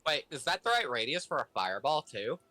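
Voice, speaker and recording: A man taking part as a player in a tabletop role-play game, chatting casually and excitedly. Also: mid-range voice, brisk, no room sound.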